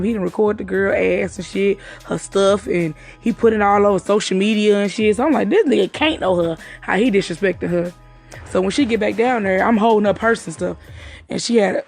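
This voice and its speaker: Her voice is medium in pitch and gravelly as she casually relates what happened on a night out. She's fast and profane, acting out whatever others said.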